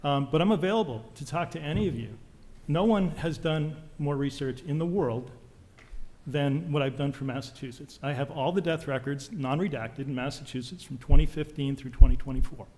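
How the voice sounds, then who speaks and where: A man's voice: a little high, normal speed, a little mellow. A man testifying at a legislative hearing, intense and accusatory, firing off medical jargon. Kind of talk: public testimony. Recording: long hall reverb.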